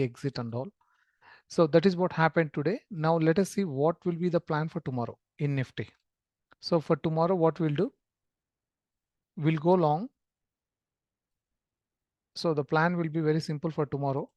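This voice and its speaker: A man walks through a trading chart as a screen-share lesson, explaining in a steady, filler-laden way. His voice sits a little high for a man and is recorded close and dry, with no room sound. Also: normal speed, pauses often, no room sound. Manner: explanatory, with frequent fillers and restarts. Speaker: trading educator.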